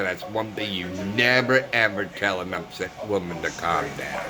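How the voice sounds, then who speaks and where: Man, low voice, slow and earnest, vlog monologue over crowd chatter. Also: lively intonation, low-quality recording. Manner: earnest, repetitive, searching for words. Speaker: vlogger. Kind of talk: personal monologue.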